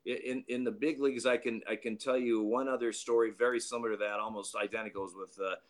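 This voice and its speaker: A man's voice: mid-range voice, little pitch movement, fast talker. A man in his late fifties, a retired baseball umpire, telling stories in a rambling way with frequent restarts and chuckles. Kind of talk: anecdotal storytelling.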